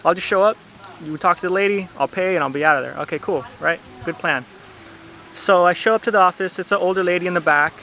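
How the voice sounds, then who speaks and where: A man's voice: sits high, fast, pushed and bright. A man vlogging outdoors at a beach, telling a travel story in a chatty, rambling way with lots of "like". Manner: chatty, rambling, heavy use of "like". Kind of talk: casual storytelling to camera.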